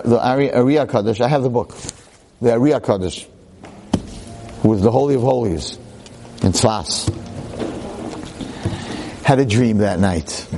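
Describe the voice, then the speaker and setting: A man telling a story in a sermon, an animated storyteller with dramatic pauses. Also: medium pitch, slight background noise. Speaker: rabbi lecturer.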